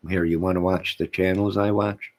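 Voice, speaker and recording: A man's voice: sits low, little pitch movement, moderate pace, darkish tone. A man hosting his own channel, rambling to his live chat, reading out comments and laughing to himself. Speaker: channel host.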